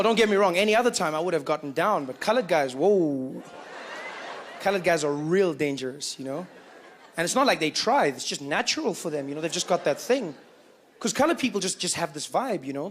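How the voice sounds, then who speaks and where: A young man from Johannesburg with a South African accent, telling a stand-up story in an animated, self-mocking way. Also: a little high, slight background noise. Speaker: stand-up comedian. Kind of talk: stand-up comedy routine.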